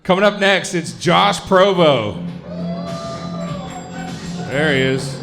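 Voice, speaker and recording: A man's voice: a little high, lively intonation, slow pace, creaky, music in the background. A man hosting a live comedy show, introducing comics in a casual, profane way. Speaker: host.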